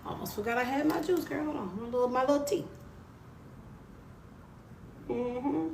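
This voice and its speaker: A woman's voice: high-pitched, normal speed, gravelly, darkish tone, slight background noise. A woman author hosting a casual live stream, chatting encouragingly with viewers and greeting them by name. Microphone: phone. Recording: echoey room with faint ambience.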